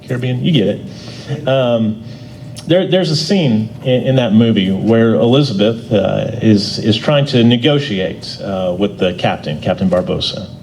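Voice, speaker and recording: In a roughly recorded church Bible class, a man teaches with a gravelly, lowish voice at an unhurried pace. His manner is folksy and conversational. He repeats words, restarts often, and raises his volume for important points.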